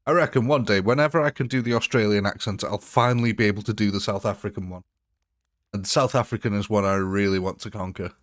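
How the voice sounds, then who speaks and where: A man's voice: fairly low pitch, quick pace, no room sound. A man hosting a live gaming stream, chatting playfully with viewers on a close microphone. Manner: chatty, playful, jumps between silly and serious. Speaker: livestream gaming host. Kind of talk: casual live-stream chat. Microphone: close desk microphone.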